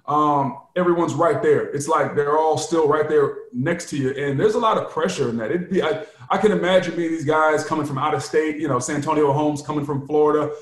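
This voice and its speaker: A man in his forties talks sports casually, a former player turned host. He tells candid stories and acts out the people in them. His voice sits a little high and rings in a roomy space. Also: brisk, hardly any pauses. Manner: candid storytelling, animated quotes.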